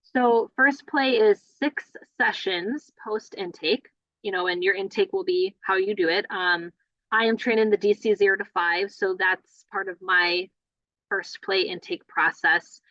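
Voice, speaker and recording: A woman play therapist gives a training lecture in a loose, conversational way, sprinkling her points with fillers and asides. Her voice sits at a middle pitch. The audio is dull and lo-fi, and the close, dry sound has no room echo. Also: steady tone, unhurried, pushed and bright. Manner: conversational, many "you know" fillers.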